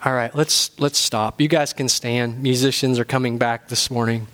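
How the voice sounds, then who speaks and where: A man preaching a sermon in a church, animated and humorous, building to emphatic points. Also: medium pitch, normal speed. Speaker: pastor.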